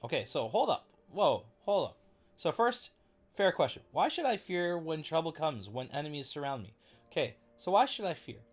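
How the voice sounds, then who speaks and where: A man hosting a casual livestream Bible study, chatty and excitable, breaking off to react to viewers. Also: fairly high pitch, moderate pace.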